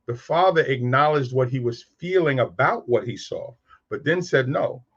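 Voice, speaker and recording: A man's voice: medium pitch, animated, normal speed, breathy edge, dull audio. A man in his fifties telling frank, streetwise stories about raising boys. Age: 50s. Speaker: speaker on raising sons. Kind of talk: candid storytelling talk.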